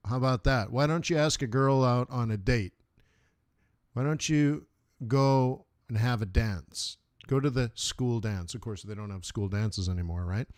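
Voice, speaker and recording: A man's voice: medium pitch, unhurried, dry recording, studio quality. Chatty man telling car stories. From United States. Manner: rambling storyteller, laughs at his own anecdotes. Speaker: forex trading stream host. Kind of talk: casual live-stream chat.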